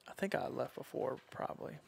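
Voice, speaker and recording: A man telling stories in casual chat, acting out quotes with loud exclamations. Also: mid-range voice, fairly quick, gravelly, breathy edge. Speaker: podcast guest.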